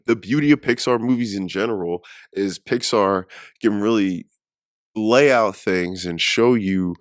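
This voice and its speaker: A man's voice: deep voice, no echo, clean studio sound. A man hosting a casual film review, chatty and often restarting his sentences.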